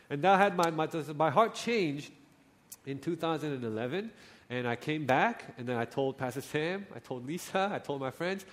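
A man's voice: fairly high pitch, lively intonation, normal speed. A man, a pastor, giving a personal testimony in a sermon, storytelling with feeling and acting out his own prayers.

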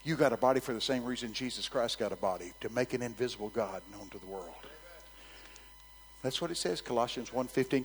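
A man preaches a sermon in a large hall, his mid-range voice moving a little fast over poor audio with some hiss or hum. He tells stories animatedly and calls out to his congregation.

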